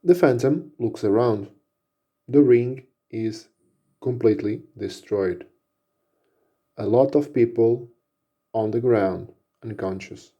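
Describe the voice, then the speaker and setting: A man narrating an action story casually, unhurried, with fillers. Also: medium pitch, dull audio.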